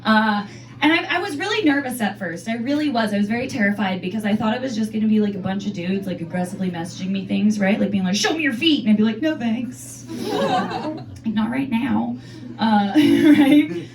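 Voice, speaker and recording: A woman's voice: medium pitch, fairly quick, darkish tone, roomy sound, recorded from a distance. A young woman doing a chatty, self-deprecating stand-up comedy set in a club, often breaking into giggles.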